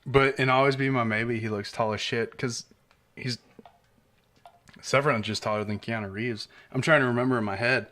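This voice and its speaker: Bright-voiced young man. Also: mid-range voice, fairly even intonation, normal speed. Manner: chatty, loose, swears casually. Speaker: podcast co-host. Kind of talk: casual chat.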